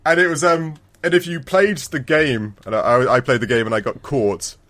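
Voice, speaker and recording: A man's voice: medium pitch, fairly even intonation, moderate pace, fairly bright tone. A man co-hosting a casual podcast about an old video game, rambling, restarting sentences and laughing often. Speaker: podcast co-host.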